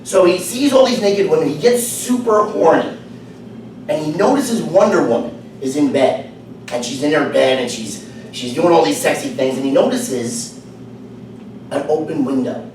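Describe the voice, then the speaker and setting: A man giving a humorous club speech, telling bar jokes in a chatty way. his voice sits a little high and moves around a lot. he is far from the mic, in a meeting room with heavy echo. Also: animated, normal speed, darkish tone, slight background noise. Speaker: club speaker.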